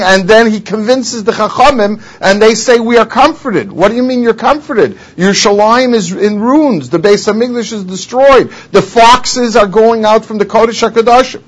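A man's voice: high voice, moderate pace, hardly any pauses. A man teaching a Talmud lecture, quoting Hebrew and Aramaic phrases and translating each, pressing harder on his rhetorical questions. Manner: rising intensity on rhetorical questions. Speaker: Torah teacher.

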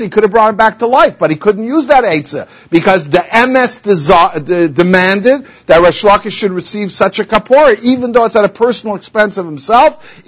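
A man giving a Talmud lecture in English, explaining the text and telling its stories with many Hebrew and Aramaic terms. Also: high-pitched. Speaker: Talmud teacher.

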